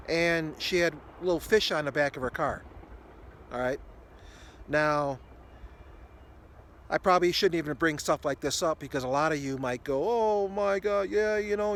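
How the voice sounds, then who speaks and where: 60s guy rambling thru a story, kinda high voice, faint hum behind. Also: a bit bright. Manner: rambling, many fillers and restarts. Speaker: ministry video host. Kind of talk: casual storytelling to camera.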